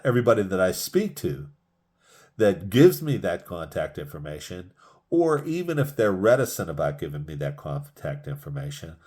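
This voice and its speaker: A man's voice: low voice, darkish tone. A man giving a motivational sales lesson, emphatic and repeating key phrases for punch. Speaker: sales trainer.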